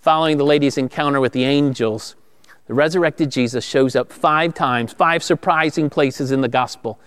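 A man's voice: mid-range voice, moderate pace, fairly bright tone, smooth. A man preaching an Easter sermon as pastor to viewers at home, emphatic and rising when he quotes.

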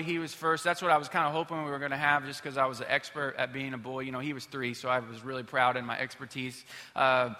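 A man's voice: high-pitched, pushed and bright. A man in his thirties preaching a sermon, telling stories about himself in a casual, self-mocking way with plenty of fillers. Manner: conversational, self-deprecating storytelling with many fillers. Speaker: pastor. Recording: reverberant hall.

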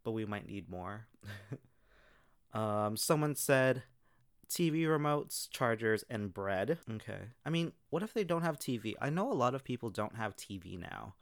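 A man's voice: fairly low pitch, animated, measured pace, no room sound, clean studio sound. A man hosting a podcast, casually reading online comments aloud and reacting with frequent laughter. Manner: chatty, laughs often between comments. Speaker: podcast host.

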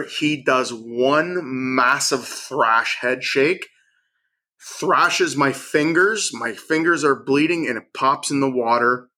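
A middle-aged man, a chef and angler, telling a story with energy and acting out what people said in lively bursts. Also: medium pitch. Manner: acts out quotes in lively bursts. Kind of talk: animated storytelling.

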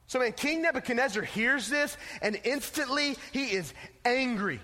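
A man's voice: very high voice, a little fast, sharp tone. A man preaching a casual, emphatic sermon to teenagers as a youth pastor, telling a story, in an echoey hall.

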